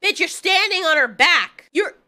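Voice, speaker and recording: A woman casually recapping an animated film, blunt and profane, often breaking into laughter. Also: very high-pitched, moderate pace, slight background noise. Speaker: film reviewer. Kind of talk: casual movie recap commentary.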